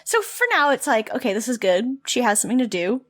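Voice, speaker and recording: A woman co-hosting a casual podcast recap with a fairly high, lively voice that swoops around as she talks. She keeps slipping into playful put-on voices to quote the characters. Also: fast talker. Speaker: podcast co-host. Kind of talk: casual chat recapping a TV episode.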